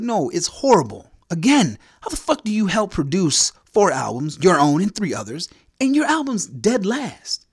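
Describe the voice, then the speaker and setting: Male podcast host, foul-mouthed ranter, lively swings in pitch, dry close sound. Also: a little fast, husky, no echo. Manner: angry, crude, heckling rant. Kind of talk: profane ranting monologue.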